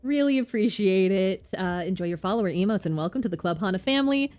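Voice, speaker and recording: A woman's voice: mid-range voice, quick pace. A woman streamer chatting playfully while she plays a game. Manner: playful, animated. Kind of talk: casual gameplay commentary. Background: faint game music.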